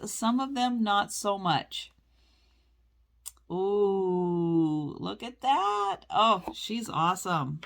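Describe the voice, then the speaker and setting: A woman's voice: medium pitch, slight background noise. A woman chatting casually while she unboxes a parcel on her vlog, exclaiming and gasping over each item. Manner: slow, exclaiming, lots of oohs and gasps. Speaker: reseller vlogger.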